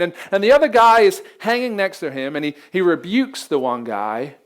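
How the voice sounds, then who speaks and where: A man's voice: sits high, animated, moderate pace, hardly any pauses. A male pastor preaching a sermon in an earnest, conversational way, often repeating words as he begins a sentence.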